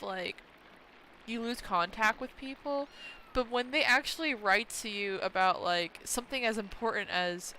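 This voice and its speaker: A woman with a stuffy nose from allergies, reading and commenting on a story game, chatty and animated. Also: medium pitch, normal speed, a little hiss or hum, rough recording. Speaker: game streamer. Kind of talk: live gameplay commentary.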